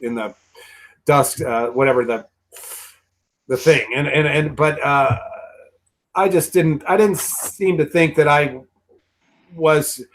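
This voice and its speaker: A man talks as a guest on a commentary track. His voice sits a bit high, and he tells his stories in a loose, rambling way. He swears freely and keeps restarting his sentences. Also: slow pace, pauses often, a little hiss or hum. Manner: rambling and profane, many restarts and repeated words. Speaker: guest actor. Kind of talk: casual commentary storytelling.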